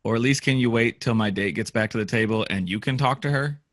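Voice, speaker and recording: A man with a middle-pitched voice throws jokes and laughter into a friend's story during loose conversation. The sound is dry, with no room echo. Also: quick pace. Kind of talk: casual podcast chat.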